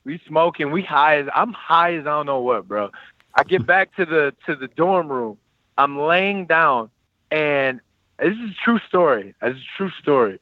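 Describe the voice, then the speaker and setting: A man in his thirties casually telling a personal story, animated and acting out what others said. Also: on the high side, normal speed, no room sound, narrow, tinny audio. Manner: animated, quotes people in lively voices.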